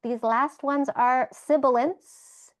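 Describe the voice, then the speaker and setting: A woman's voice: high-pitched, fairly even intonation, slow, dry recording. A woman leading an online language class, patiently demonstrating pronunciation sound by sound. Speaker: Sanskrit class leader. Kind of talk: online group lesson. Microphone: video call.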